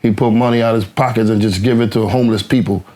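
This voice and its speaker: A man, a guest rapper telling stories in a casual interview, animated and acting out what others said, swearing freely. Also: lowish voice, quick pace. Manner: animated, acts out quoted dialogue, swears freely.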